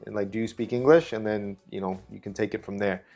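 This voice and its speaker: A man hosting a casual language lesson, relaxed and chatty, explaining things slowly. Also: lowish voice, vocal fry, faint music behind. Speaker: travel video host.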